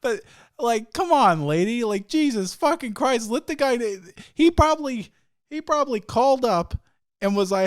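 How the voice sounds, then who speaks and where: A man's voice: extremely high pitch, animated, normal speed. A young man hosting a solo podcast, telling stories in a rambling, profane way and laughing often. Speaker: podcast host. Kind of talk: casual solo podcast rant.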